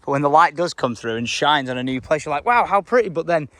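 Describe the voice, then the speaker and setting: A young man chatting casually while vlogging outdoors on a farm, with excited outbursts and casual swearing. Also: on the high side, quick pace, no room sound. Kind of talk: casual vlog chat.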